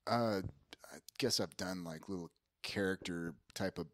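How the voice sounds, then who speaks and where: Deep-voiced, dry-witted male podcast host. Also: unhurried, fairly bright tone. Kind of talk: casual podcast chat.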